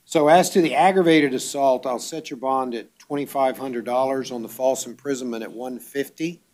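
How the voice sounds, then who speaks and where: A man serving as a judge at a bond hearing, speaking in a measured, formal way with frequent fillers. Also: mid-range voice, darkish tone.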